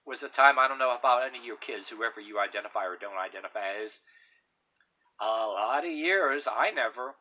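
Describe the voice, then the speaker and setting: A man's voice: medium pitch, sharp tone, lo-fi sound. A man giving his opinions in a casual, rambling monologue, blunt and emphatic, with lots of fillers and restarts. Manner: blunt and emphatic, swearing now and then.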